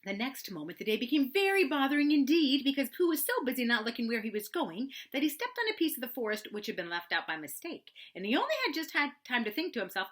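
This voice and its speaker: A woman storyteller reading a children's book aloud in an expressive, animated way. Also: high voice, fast, hardly any pauses.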